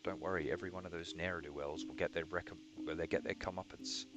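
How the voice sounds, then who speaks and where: A man's voice: low voice, fairly even intonation, quick pace, muffled recording, close to an everyday voice. A man voicing a pompous young knight lieutenant in a video game, speaking formally and tripping over his words. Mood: stiff. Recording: music playing behind.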